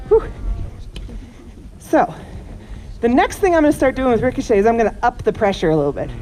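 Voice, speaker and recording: A woman horse trainer teaches a live group while working a horse outdoors. Her voice sits fairly high and moves through a lively range as she coaxes the animal between explanations. Constant outdoor noise sits behind her. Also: a little fast. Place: outdoor horse pen at a camp. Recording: noisy outdoor recording.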